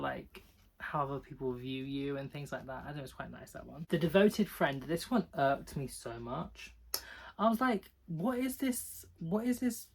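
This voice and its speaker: Guy, casual book chat, rambling, lots of "like", giggly, mid pitch. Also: creaky. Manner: rambling, peppered with "like"; chatty and giggly. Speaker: book vlogger.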